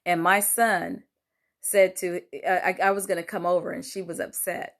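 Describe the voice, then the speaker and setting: An older woman, a grandmother, telling a personal story in a casual monologue, animated and acting out quoted lines, with many fillers. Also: on the low side, moderate pace, creaky. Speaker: host sharing a personal story.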